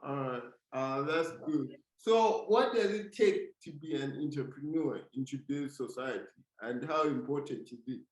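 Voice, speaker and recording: A man's voice: medium pitch, normal speed, a little mellow. A man interviewing a guest, asking questions hesitantly with many fillers. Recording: echoey room.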